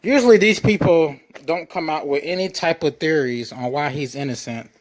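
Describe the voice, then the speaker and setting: A man's voice: fairly high pitch, moderate pace. A man hosting a show, reading articles and comments aloud in a sarcastic, mock-incredulous tone and repeating phrases over and over. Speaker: show host.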